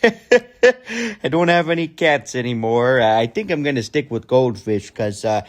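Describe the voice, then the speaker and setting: A man playing a hapless, cheerful young man who laughs off every misfortune with giggles and drawn-out ums. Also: medium pitch, lively intonation, natural voice. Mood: chipper. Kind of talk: comedy sketch monologue.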